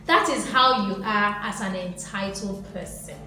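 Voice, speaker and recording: A woman giving an animated motivational talk who lectures her viewers and acts out little voices. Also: mid-range voice, measured pace. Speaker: motivational vlogger. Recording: very echoey room, faint music behind.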